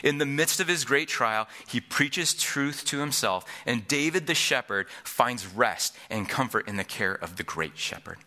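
A man's voice: mid-range voice, animated, unhurried, hardly any pauses, bright, forceful tone. A middle-aged man preaching a sermon as pastor, earnest, repeating each point for emphasis.

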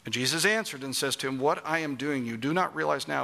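Bright-voiced male preacher. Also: medium pitch, lively intonation, a little fast, gravelly. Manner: emphatic, asks the congregation questions. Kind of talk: sermon.

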